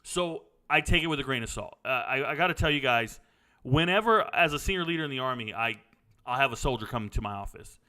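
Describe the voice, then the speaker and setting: A man's voice: medium pitch, animated, brisk, bright, forceful tone. A middle-aged man hosting a casual sports Q&A, blunt and opinionated, wandering into stories. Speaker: sports commentary host answering viewer questions. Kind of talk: casual live Q&A chat.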